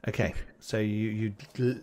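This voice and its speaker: A man narrating as game master of a tabletop role-playing game, pausing often with ums. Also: fairly low pitch, little pitch movement, a little mellow, slight background noise. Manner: hesitant, full of ums and restarts.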